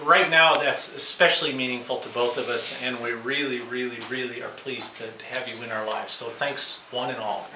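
A man hosting a party at home, giving a warm, chuckling informal speech and reading aloud. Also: medium pitch, fairly even intonation, normal speed, few pauses. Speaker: party host. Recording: echoey room, far mic, loud party noise.

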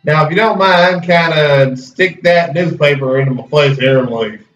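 A man's voice: a little high, moderate pace, a bit bright, natural voice. A man voicing a friendly old-west townsman with a put-on Southern drawl, reading game dialogue. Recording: roomy, distant, dull, faint music.

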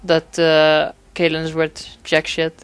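Smooth-voiced, flat-toned male gaming commentator. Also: on the high side, slow. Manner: rambling, profane, frequent fillers. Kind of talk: casual gameplay commentary.

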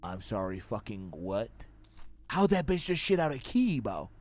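A young man doing loud, profane let's-play commentary on a horror game, screaming at jump scares. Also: lowish voice, big pitch swings, measured pace. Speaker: gaming streamer.

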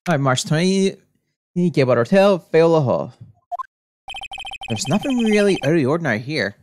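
A woman's voice: sits low, sing-song, normal speed, a little mellow, slight background noise. A woman streamer casually reading aloud through a game playthrough, with game music behind.

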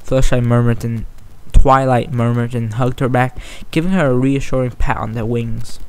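A man's voice: medium pitch, steady tone, moderate pace, hardly any pauses, a little mellow, smooth, poor audio. Man reading a story aloud. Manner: plain narration with small stumbles. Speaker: narrator.

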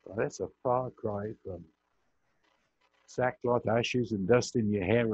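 Older male preacher, gravelly husky voice, slow emphatic sermon, muffled dull recording. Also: steady tone, darkish tone. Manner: slow, emphatic preaching with dramatic pitch swings. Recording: muffled audio with buzz.

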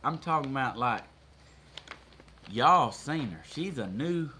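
A man with a Southern US accent hosting a casual livestream, folksy and quick to laugh as he chats with viewers. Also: medium pitch, expressive, bright, forceful tone, a little hiss or hum. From Georgia, USA. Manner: folksy, laughs often, reads out viewer comments. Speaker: livestream host. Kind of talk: casual live chat with viewers.

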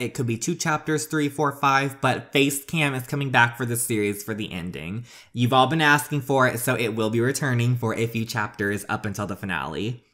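A man's voice: medium pitch, bright, forceful tone. Chatty man doing game commentary. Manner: chatty, sarcastic asides. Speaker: gaming channel host.

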